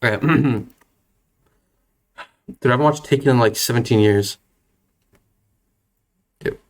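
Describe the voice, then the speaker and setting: A man's voice: lowish voice, moderate pace, long pauses. A man in his twenties streaming a game, chatting casually in a nervous, self-deprecating way, often stammering and laughing. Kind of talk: casual live-stream chat.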